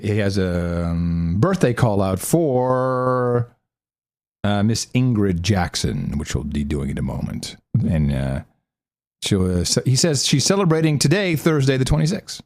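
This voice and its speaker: Lively-voiced male podcast co-host. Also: on the low side, dry recording, studio quality. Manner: chatty, quick short replies and laughs. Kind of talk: casual chat.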